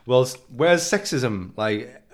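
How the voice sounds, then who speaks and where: A man's voice: mid-range voice, lively intonation, slow. Blunt podcast man. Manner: blunt, swears, short reactions and laughs. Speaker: podcast co-host. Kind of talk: casual chat.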